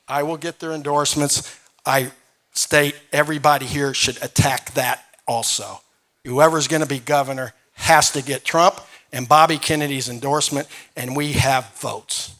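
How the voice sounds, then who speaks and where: A man's voice: mid-range voice, a bit bright. A man giving an insistent, emphatic campaign speech at a live forum in a church, repeating his key points. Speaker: governor candidate. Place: church stage before a live audience.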